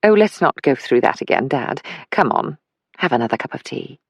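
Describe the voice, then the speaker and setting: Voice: medium pitch, very animated, moderate pace, creaky, slightly rough, no echo, full character voice. A narrator voicing a polite, composed young woman investigator in an audiobook. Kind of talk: audiobook character voice.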